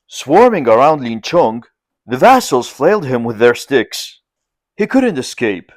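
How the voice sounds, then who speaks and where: A man narrating a classic novel as an audiobook, in measured storytelling. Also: no echo. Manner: measured storytelling, lively in pitch.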